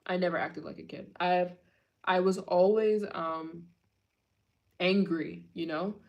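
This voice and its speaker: Chatty lower-voiced woman hosting a livestream. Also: takes it slowly, lo-fi sound. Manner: gushing, chatty, heavy filler words. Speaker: travel channel host. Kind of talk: casual livestream Q&A chat.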